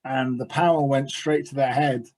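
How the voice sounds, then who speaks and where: A man's voice: medium pitch, fairly even intonation, normal speed, a crowd in the background. A man playing in a tabletop role-playing game, chatting casually with dry, wry humor. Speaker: player.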